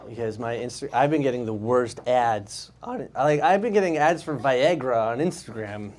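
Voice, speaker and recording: A man's voice: medium pitch, animated, moderate pace, a little mellow. A man, performing a casual stand-up set in a comedy club and laughing at his own jokes. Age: 20s. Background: audience laughter.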